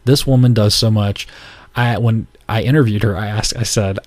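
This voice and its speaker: Hosting his podcast, a man from North Carolina rambles loosely through stories with many fillers in a casual monologue. He speaks at a fairly low pitch with fairly even intonation and normal speed, a little mellow, in a dry recording.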